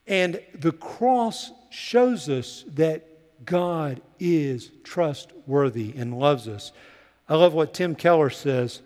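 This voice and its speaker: A male pastor preaches with a high, animated voice that swoops up and down as he hammers home his points. His words ring out with a long reverb, as if from a big hall. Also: slow pace. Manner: emphatic preaching, repeats key lines for the congregation. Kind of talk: sermon.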